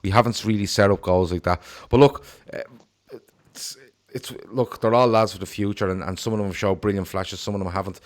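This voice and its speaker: A man's voice: fairly low pitch, fairly even intonation, brisk. A man hosting a casual football podcast, talking animatedly and reading out viewer comments. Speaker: podcast host.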